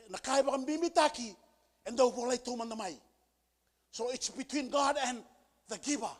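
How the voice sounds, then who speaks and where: A male pastor preaching a sermon with emphasis, repeating key phrases and building to shouted peaks. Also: very high voice. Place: church service.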